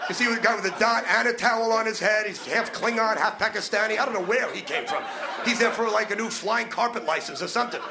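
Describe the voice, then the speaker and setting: A man's voice: high-pitched, fast talker, vocal fry, noisy background. A man doing a crude, brash stand-up comedy set, punching his lines.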